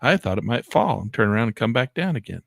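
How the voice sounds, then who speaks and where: A man giving excitable live commentary on his day trades, talking to himself and exclaiming as prices move. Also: medium pitch, quick pace, gravelly, dry recording, clean studio sound. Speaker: day trading educator.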